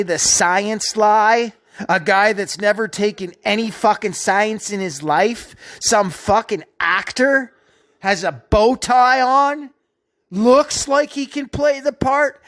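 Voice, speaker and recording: A man rants in an angry, contemptuous commentary that is heavy with swearing. He drags out his words slowly and with emphasis. He keeps hammering every point home. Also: high-pitched, a bit bright. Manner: profane, contemptuous, slow and emphatic. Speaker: video narrator.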